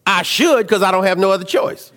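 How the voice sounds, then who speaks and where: A man preaching a sermon, telling stories in an animated way, dropping to low asides and rising to shouts. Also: fairly quick, big-room sound.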